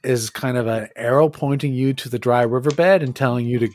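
A man narrating as game master in a tabletop game, unhurried and hesitant, with many fillers and restarts. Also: medium pitch, darkish tone.

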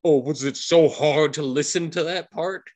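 A man voicing a boastful, roguish male minstrel in a tabletop game, theatrical and quick to take offense. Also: on the high side, darkish tone, pitched above the performer's own voice, close to an everyday voice. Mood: indignant.

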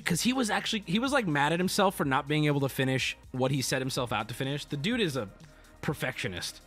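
A man's voice: on the high side, animated, fast talker, a bit bright, soft background music. A man livestreaming, telling a story casually and profanely, acting out the voices of the people he quotes. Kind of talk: casual storytelling to a stream audience.

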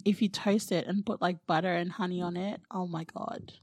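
A woman's voice: on the low side, steady tone, moderate pace, husky, no room sound. A woman co-hosting a casual chat, chatty and giggly, searching for words as she explains. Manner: chatty, laughing, hesitant with fillers.

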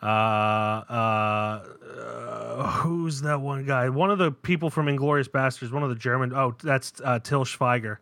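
Male podcast host, mid pitch, loose ums and restarts, dry booth sound. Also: little pitch movement, unhurried, creaky, hardly any pauses, a bit bright, dry recording. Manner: rambling, filler-heavy, self-correcting. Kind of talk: casual podcast chat.

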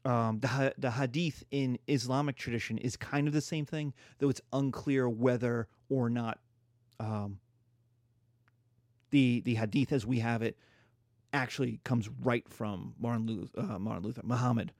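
Gravelly man lecturing animatedly. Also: mid-range voice, normal speed, dry recording, studio quality. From United States. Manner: animated, jokey, acts out quotes. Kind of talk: casual history lecture.

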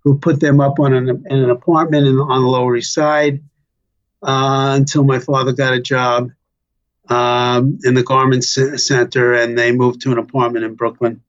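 An older man slowly recalling his family's story as an interview guest, pausing often with fillers. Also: medium pitch, flat delivery, muffled recording. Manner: slow, halting, many fillers. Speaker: interview guest, child of survivors. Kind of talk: reflective personal storytelling.

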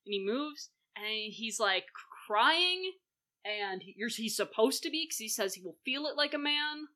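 A woman co-host chatting casually about a play with a bright, forward tone. She gushes over the parts she loves and slips in sarcastic asides. Her delivery is animated throughout. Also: a little high, moderate pace. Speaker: podcast co-host.

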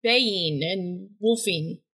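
A woman's voice: lowish voice, drawn-out words, fairly bright tone, breathy edge. A woman playing a tabletop game, describing her character's actions matter-of-factly. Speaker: player.

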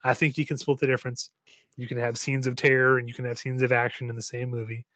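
A man's voice: medium pitch, level tone, fast talker, fairly bright tone, no room sound. A man co-hosting a casual chat about movies, playful and joking, wrapping up the episode for listeners. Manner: playful, wraps up like a host. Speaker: podcast co-host.

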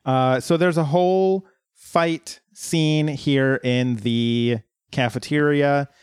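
A man co-hosting a podcast, recapping a TV episode in relaxed, unhurried casual chat. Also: a little high, clean tone, no room sound, clean studio sound. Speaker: podcast co-host.

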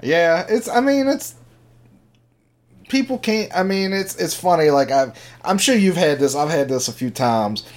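A man's voice: on the high side, animated. A man co-hosting a podcast, chatting casually and stopping often to restart his thoughts. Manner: halting, lots of filler words. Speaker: podcast co-host. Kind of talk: casual chat.

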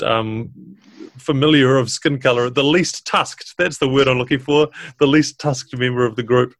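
A man, narrating a tabletop game as dungeon master in a measured, descriptive way. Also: medium pitch, vocal fry, no echo.

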